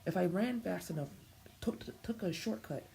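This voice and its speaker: A young woman streams a game and chats casually with her viewers, stammering through her thoughts and talking to chat as she comments live. Her voice is fairly low, gravelly and dark at a normal speed, on a low-quality recording with a little hiss or hum.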